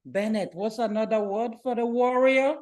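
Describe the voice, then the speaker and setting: A woman telling a children's story during a church worship service, addressing the children directly in an animated, expressive way. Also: on the high side, normal speed.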